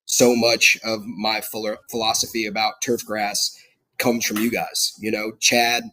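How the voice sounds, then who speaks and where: A man's voice: on the low side, flat delivery, measured pace, sharp tone, no echo. A man with a South Georgia accent, a podcast guest talking eagerly in casual chat. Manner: eager, many fillers and restarts.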